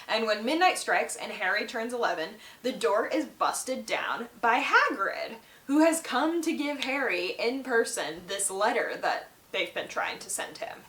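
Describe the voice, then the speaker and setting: Brief: a chatty female book vlogger at a medium pitch, casual recap, roomy echo. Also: a bit bright. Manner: chatty, heavy use of "like". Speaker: book reviewer.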